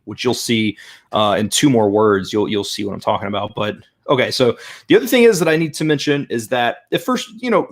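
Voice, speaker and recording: Man, live stream host, chatty, thinking aloud, gravelly voice. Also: mid-range voice. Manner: thinks aloud, chatty, repeats practice phrases. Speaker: language-learning channel host. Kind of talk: casual live stream, reviewing an app.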